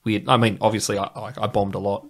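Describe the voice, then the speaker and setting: A man in his thirties, a comedian and former teacher, chatting casually and telling animated stories with quoted voices. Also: fairly low pitch, fast talker. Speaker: podcast guest, comedian and former English teacher. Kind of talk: casual chat.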